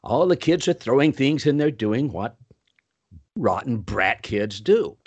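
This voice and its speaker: An older man telling stories as an interview guest, animated, with sudden pitch swoops. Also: a little slow, slightly rough. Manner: puts on Southern voices for quoted people. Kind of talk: storytelling in a podcast interview.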